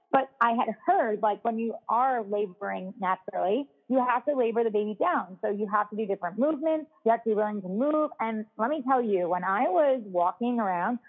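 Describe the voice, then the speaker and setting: A woman's voice: on the high side, slightly rough. A woman telling a long personal story in a casual chat, peppering her speech with "like" and laughing often. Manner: chatty, heavy use of "like" fillers, laughs often. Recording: tinny phone-like sound.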